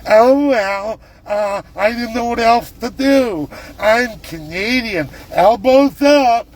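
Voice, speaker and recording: A man's voice: extremely high pitch, slow pace, pitched above the performer's own voice. A man voicing a meek, dim-witted Canadian man in a whiny, sing-song mockery. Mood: mocking.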